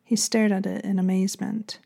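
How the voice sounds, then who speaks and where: A woman narrating an erotic audiobook in a soft, half-whispered reading voice. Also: medium pitch, little pitch movement, fairly quick, gravelly, husky.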